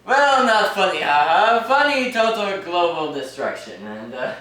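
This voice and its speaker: A teenage boy puts on a manic professor with a fake German accent who gloats about bombs in a high, bright voice. It carries from far off in an echoey room. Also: normal speed. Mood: gleeful. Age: teens. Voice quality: manic, gleeful.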